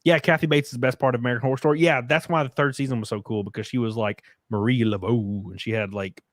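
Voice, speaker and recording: A man hosting a podcast in casual chat, rambling and swearing, his voice jumping up when he gets excited. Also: medium pitch, quick pace, no echo, clean studio sound. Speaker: podcast host.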